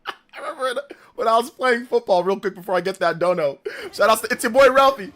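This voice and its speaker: A young man hosting a live reaction stream, chatting in a relaxed, slangy way, humming tunes and laughing often. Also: high voice, fairly quick, raised voice.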